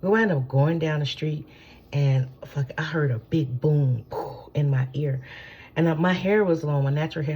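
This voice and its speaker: A woman's voice: deep voice, normal speed, a little mellow, slight background noise. A woman giving a casual spiritual teaching from home, rambling and swearing freely, often checking in with her listeners. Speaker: spiritual channeler.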